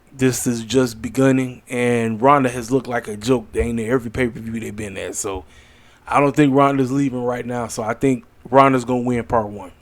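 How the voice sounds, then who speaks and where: A man hosting his own wrestling channel, giving blunt, opinionated predictions in a rambling casual chat, tired and yawning late at night. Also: medium pitch. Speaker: wrestling commentary channel host. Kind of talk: casual solo predictions video.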